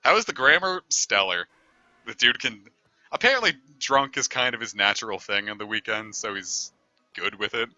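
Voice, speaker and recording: A man's voice: lowish voice, expressive, moderate pace, bright, forceful tone, no room sound, lo-fi sound, soft background music. A man streaming a game, telling a long story in a rambling, easygoing way and swearing casually. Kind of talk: casual storytelling over gameplay.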